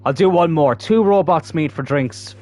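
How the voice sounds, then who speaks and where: At a normal speed and with a slightly high voice, a man offers casual commentary on the football video game he's playing. This gaming YouTuber is chatty, swears a lot, and bursts out laughing loudly.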